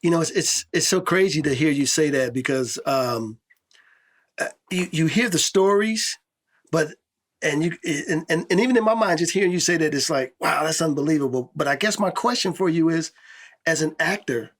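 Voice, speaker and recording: A man's voice: a little high, moderate pace. A man co-hosting a podcast, asking a rambling, enthusiastic question with many restarts. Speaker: podcast co-host. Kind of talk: casual interview.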